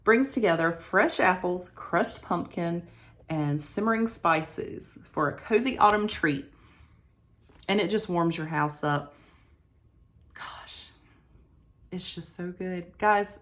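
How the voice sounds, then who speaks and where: A woman casually reviewing home fragrance products, gushing and repeating words for emphasis as she reads out product descriptions. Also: medium pitch.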